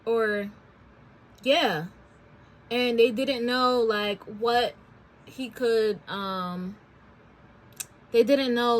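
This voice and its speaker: A woman's voice: fairly high pitch, fairly bright tone. A woman in her twenties hosting a talk show, telling a personal story in a chatty, candid way with slangy asides. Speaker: podcast host. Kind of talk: casual storytelling.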